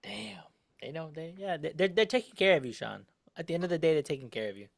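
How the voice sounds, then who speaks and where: A man co-hosting a casual live comics stream. He talks in a slangy, hyped-up way and shouts out viewers. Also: on the high side, big pitch swings, quick pace, gravelly, no room sound, studio quality. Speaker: podcast co-host.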